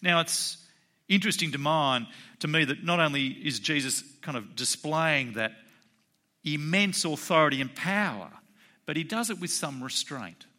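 A man preaching a sermon in a conversational way, acting out the quoted voices with sudden jumps in pitch. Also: moderate pace. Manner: animated, acts out quoted voices with rising pitch; conversational, with fillers. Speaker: pastor.

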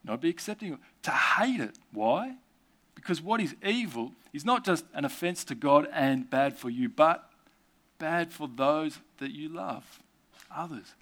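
A man's voice: fairly high pitch, animated, unhurried, fairly bright tone. A man preaching a sermon to a church gathering, earnest and conversational, with casual asides.

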